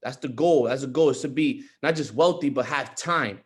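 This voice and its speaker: On a group call, a young man gives an earnest motivational talk at a moderate pace. His voice sits at a medium pitch, and he keeps repeating his points, growing more and more emphatic as he goes.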